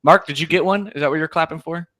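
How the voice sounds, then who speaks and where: A man's voice: a little high, quick pace, no room sound. A man who coaches sales, chatting casually about cold calling and acting out bits of calls. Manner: animated, acts out call snippets.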